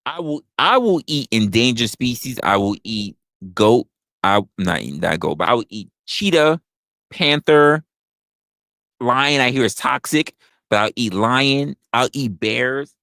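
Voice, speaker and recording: A man's voice: medium pitch, animated, a little slow, gravelly, a bit bright, dry recording. A man hosting a talk show, ranting in a profane, emphatic way and repeating his points. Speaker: podcast host. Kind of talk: opinionated casual rant.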